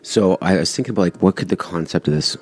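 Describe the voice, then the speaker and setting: A man's voice: low voice, fast talker, darkish tone, soft background music. A man hosting his own podcast, talking casually and rambling with frequent ums and self-corrections. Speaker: podcast host. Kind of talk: casual solo podcast monologue.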